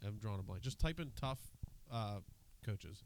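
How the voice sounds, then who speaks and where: A man's voice: lowish voice, expressive, normal speed, heavy background noise. A man co-hosting a podcast in casual chat, rambling, often losing the word he wants, and swearing freely. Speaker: podcast co-host.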